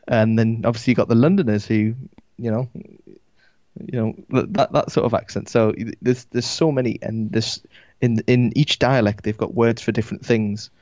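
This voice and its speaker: A man with a Geordie accent chatting casually on a podcast, halting with lots of restarts. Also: medium pitch, steady tone, a little mellow, no room sound. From Newcastle area, England. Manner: halting, many restarts and fillers. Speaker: guest podcaster. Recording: dull, lo-fi sound.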